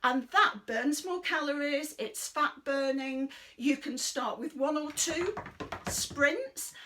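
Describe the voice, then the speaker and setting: A middle-aged British woman leading a chair exercise class in a chatty, rambling, encouraging way, breathing deeply and a little out of breath. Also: slow pace, noisy background. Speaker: fitness instructor. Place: indoors under a big light.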